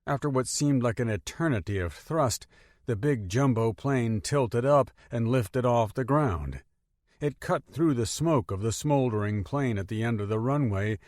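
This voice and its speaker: A man narrating a thriller audiobook in an even, measured way. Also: fairly low pitch, no room sound, clean studio sound. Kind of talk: scripted narration.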